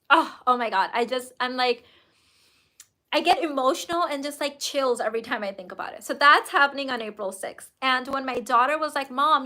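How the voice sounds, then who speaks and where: A high-pitched woman coach talks to her viewers in a casual livestream. Her voice is bright and forceful. She is gushing and emphatic and throws in the odd curse word. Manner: effusive and emphatic, with casual swearing. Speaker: business coach and host.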